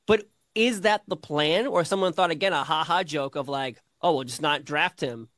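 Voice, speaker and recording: Male interviewer, higher pitch, conversational setups, dry sound. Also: normal speed, fairly bright tone, no room sound. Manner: conversational, sets up recaps before asking. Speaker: interviewer, host. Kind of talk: interview questions.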